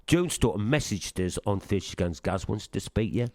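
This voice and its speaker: A man's voice: lowish voice, a little fast, no room sound. Sunderland man telling band stories. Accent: Northeast English (Sunderland). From Sunderland, England. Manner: lively anecdotes, acts out quoted dialogue, swears freely. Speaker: punk band singer, guest. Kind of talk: casual interview storytelling.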